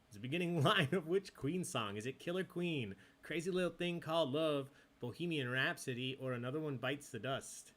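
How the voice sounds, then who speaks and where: A man's voice: on the high side, moderate pace, hardly any pauses, fairly bright tone. A man hosting a live online trivia night, reading questions and answer counts and joking with the players. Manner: playful, chatty, jokes with players and reads answers aloud. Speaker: trivia host.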